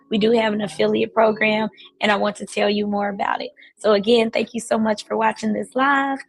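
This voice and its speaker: A woman's voice: fairly high pitch, creaky, slightly rough, dry recording, rough recording. A woman hosting a live stream as a financial services coach, speaking emphatically with repeated, preacherly phrasing. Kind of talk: motivational live-stream talk.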